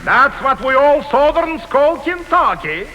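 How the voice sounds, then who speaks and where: An actor playing a boastful film director with a Russian accent in a 1940s radio comedy, grandiose and mangling idioms. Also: male voice, extremely high pitch, very animated, a little slow, muffled recording, background noise, heavily acted. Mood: blustering. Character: blustering, boastful adult male film director. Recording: 1940s radio broadcast in a reverberant hall.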